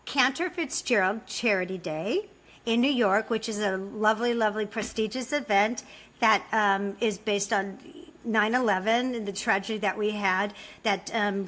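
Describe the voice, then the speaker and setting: Female podcast co-host, bright voice, higher pitch, bubbly and giggly. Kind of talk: casual podcast chat.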